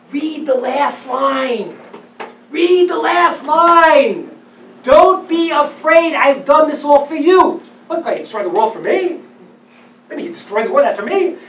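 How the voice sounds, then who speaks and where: A man teaching as a rabbi, giving a lecture on religious texts to a live audience. He speaks with animated emphasis, dropping to hushed tones and then rising to loud declarations. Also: extremely high pitch, slight background noise. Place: event hall with audience. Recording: roomy, distant live-event recording.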